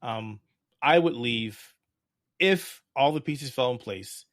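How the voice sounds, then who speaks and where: Guy on a podcast, mid pitch, dry close sound, gets fired up and loud when he rants. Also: lively intonation, slow pace, no room sound. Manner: gets heated and loud about politics. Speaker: podcast guest. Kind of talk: casual podcast conversation.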